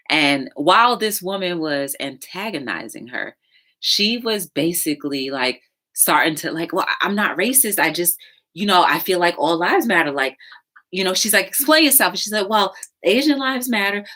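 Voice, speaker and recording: Female talk-show host, low and sharp-toned, casual storyteller who acts out the quotes. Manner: conversational, storytelling with filler words and acted-out quotes. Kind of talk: solo talk-show commentary.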